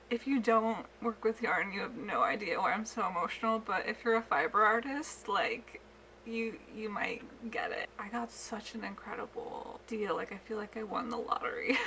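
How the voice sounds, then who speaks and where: A young woman chatting casually in her vlog, giggling often, with lots of "like" fillers, sometimes dropping to a soft whisper. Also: medium pitch, creaky, a little hiss or hum. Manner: drops to a soft whisper when emotional. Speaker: fiber artist vlogger.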